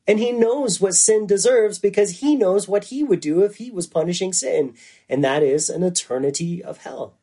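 Earnest man preaching, mellow voice. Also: high voice. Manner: earnest, emphatic, with slow stressed phrases. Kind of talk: sermon.

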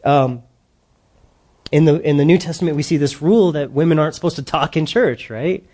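A man's voice: on the high side, brisk, a little mellow. A middle-aged male pastor giving a conversational sermon, acting out short quoted voices as he preaches.

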